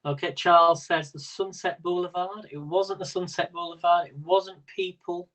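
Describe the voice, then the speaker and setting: A man's voice: sits high, fairly even intonation, moderate pace, a bit bright, poor audio. A man hosting a live-stream quiz in a casual, rambling way, laughing often as he talks. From Britain. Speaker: quiz host.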